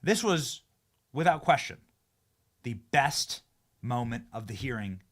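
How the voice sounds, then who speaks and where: A man hosting a political commentary show, animated and mocking, swinging between shouting and muttering. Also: medium pitch, slow pace. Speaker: show host.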